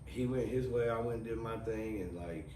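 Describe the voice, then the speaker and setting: A man's voice: lowish voice, moderate pace. Profane man telling stories, roomy. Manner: profane, rambling, animated storyteller. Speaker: guest. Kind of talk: casual storytelling chat. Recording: roomy, distant mic, noisy.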